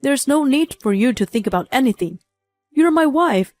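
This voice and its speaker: A woman's voice: high-pitched, animated, moderate pace, a little mellow, soft background music, voice pushed up. A woman voicing an arrogant, selfish young husband in a read-aloud story, talking down to his wife. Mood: dismissive. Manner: condescending, dismissive. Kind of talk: scripted story reading.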